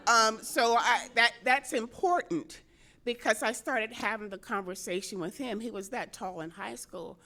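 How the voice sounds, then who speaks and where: A middle-aged woman, a state senator, telling a personal story to a convention audience, animated, often laughing and acting out what people said. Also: a little high, unhurried, a faint crowd.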